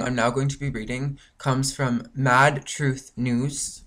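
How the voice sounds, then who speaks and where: A man's voice: mid-range voice, flat delivery, slow, a bit bright. A man from Canada ranting angrily in a rambling vlog monologue, full of swearing and filler words. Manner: frustrated, profane, rambling with many fillers. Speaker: vlogger.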